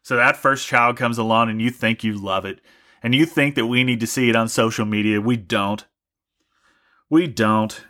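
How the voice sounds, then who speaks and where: A man's voice: mid-range voice, fairly even intonation, fairly quick, pushed and bright. A young man hosting a podcast, delivering a profane, mock-angry comedic rant. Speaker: podcast host.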